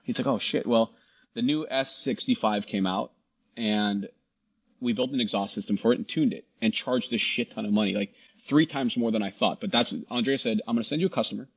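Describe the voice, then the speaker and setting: Husky low-voiced man telling a story. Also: normal speed. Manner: animated, quotes people in dialogue, frequent restarts. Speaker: guest, shop founder. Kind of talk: casual storytelling interview.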